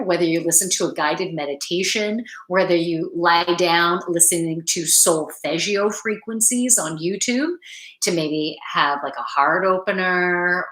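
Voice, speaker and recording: A woman's voice: mid-range voice, sharp tone, reverberant, poor audio. A woman doing a casual spiritual card reading, chatty and rambling, tired from little sleep and laughing at herself. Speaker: tarot card reader.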